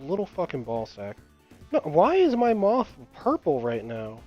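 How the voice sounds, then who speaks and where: A man's voice: on the high side, huge pitch swings, unhurried, darkish tone. Young man, casual gaming chat, rambling storyteller, laughs a lot, dull lo-fi audio. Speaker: gamer and channel host. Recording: dull lo-fi voice chat with game music. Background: game music.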